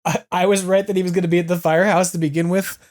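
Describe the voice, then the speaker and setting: Slightly high-voiced man, rambling podcast host. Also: little pitch movement, very fast, darkish tone, no echo, studio quality. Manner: enthusiastic, rambling, heavy use of "like". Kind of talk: casual fan chat.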